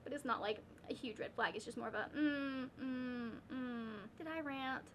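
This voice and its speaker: A woman's voice: on the high side, fast talker, a bit bright, a little hiss or hum. A woman chatting casually as a book vlogger at home, rambling and ranting with lots of fillers and restarts. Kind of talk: casual reading vlog chat.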